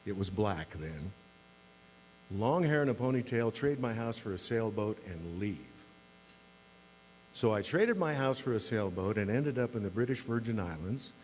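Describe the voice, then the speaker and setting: A man's voice: fairly low pitch, lively intonation, moderate pace, darkish tone. A man in his sixties who is a mayor, giving a humorous speech to a club with dry, self-deprecating storytelling on a podium microphone. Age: 60s. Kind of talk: humorous after-dinner speech. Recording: long hall reverb, faint mains hum.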